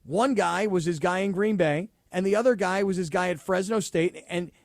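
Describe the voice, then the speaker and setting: A man co-hosting a sports talk radio show, animated and sarcastic, who slips into mocking impressions of players. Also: high-pitched, normal speed, no room sound, clean studio sound.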